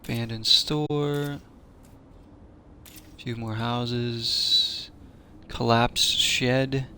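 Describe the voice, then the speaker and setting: A man's voice: medium pitch, steady tone, drawn-out words, pushed and bright, a little hiss or hum. Chatty man commentating a game. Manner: chatty, joking, laughs often, talks to chat. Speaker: gaming channel host. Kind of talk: casual let's-play commentary.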